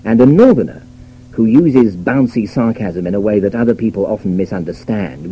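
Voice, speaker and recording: Dark-voiced British man giving a radio talk. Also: fairly low pitch, expressive, breathy edge, poor audio. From Britain. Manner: measured, wry, lecturing delivery. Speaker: radio essayist. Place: radio studio. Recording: old radio broadcast with faint hum.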